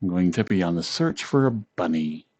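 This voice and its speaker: A man's voice: low-pitched, expressive, normal speed, a little mellow. A man streaming casually from home, playful and giggling often as he chats.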